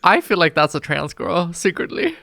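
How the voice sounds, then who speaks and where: A woman's voice: sing-song, moderate pace, vocal fry, fairly bright tone, no echo, clean studio sound. A woman co-hosting a podcast in casual chat, giggly and chatty. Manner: giggly and chatty, with jumpy pitch. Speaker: podcast co-host.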